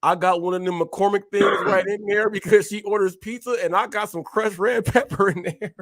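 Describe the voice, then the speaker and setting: A man's voice: high voice, steady tone, moderate pace, no room sound, clean studio sound. A man hosting a casual live stream, talking to his viewers in a preachy way and calling them "people" again and again. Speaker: show host.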